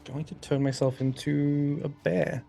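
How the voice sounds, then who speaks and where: A man playing a tabletop game, talking in a relaxed, hesitant way with ums. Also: on the high side, measured pace, gravelly. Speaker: player. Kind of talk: casual tabletop game play.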